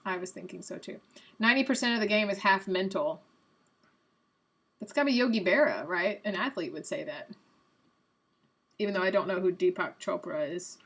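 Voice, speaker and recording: A young adult woman hosts a live stream, chatting and guessing aloud through a quiz game with a touch of self-mockery. Her mid-range voice moves at a moderate pace with long pauses.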